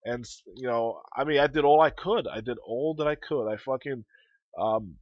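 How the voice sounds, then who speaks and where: Young man, casual storyteller, middling pitch, profane and rambling, jumps loud when excited; dry, slightly dull home recording. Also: moderate pace, no echo. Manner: rambling, profane, repeats himself.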